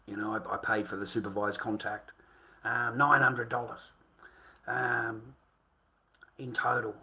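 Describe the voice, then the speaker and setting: A man's voice: medium pitch, little pitch movement, a little slow, vocal fry, bright, forceful tone. A middle-aged Australian man ranting to his livestream chat, swearing constantly and calling viewers mate and boys.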